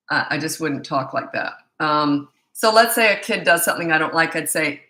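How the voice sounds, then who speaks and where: A woman's voice: deep voice, fairly quick, hardly any pauses, pushed and bright, reverberant. A middle-aged woman parenting coach reading viewer questions and answering them in a blunt, opinionated, casual way.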